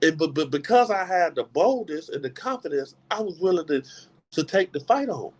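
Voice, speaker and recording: A middle-aged man delivers a motivational talk to a gathered group, his pitch sitting fairly high for a man. He speaks in an emphatic, preacher-like way, doubling up words as he drives each point home. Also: big pitch swings, normal speed.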